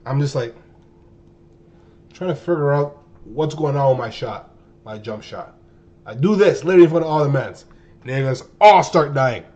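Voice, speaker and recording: A man in his twenties telling a story to his viewers in a casual, animated way, full of slang and exaggeration. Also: mid-range voice, normal speed, long pauses, lo-fi sound. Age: 20s. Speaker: streamer.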